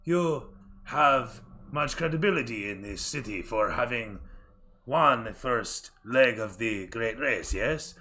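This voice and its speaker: A man voicing a formal male aide to a crime boss, speaking in measured, drawn-out phrases. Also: mid-range voice, animated, sharp tone.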